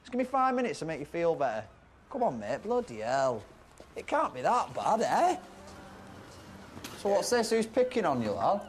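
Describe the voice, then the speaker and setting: A man's voice: fairly high pitch, huge pitch swings, normal speed, long pauses, slight background noise. A young man playing a friendly, teasing skinhead gang leader who coaxes and swears casually. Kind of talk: film drama.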